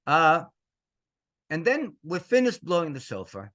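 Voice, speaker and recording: A male rabbi telling a story in a lively way, mixing in Hebrew phrases and laughing between lines. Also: on the high side, unhurried. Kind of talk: storytelling to an audience.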